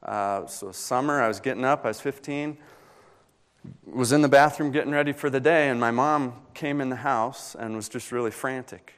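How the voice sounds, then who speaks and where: A young adult man, a pastor, preaching a sermon and telling a personal story in an earnest, pausing way that builds in intensity. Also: medium pitch, smooth.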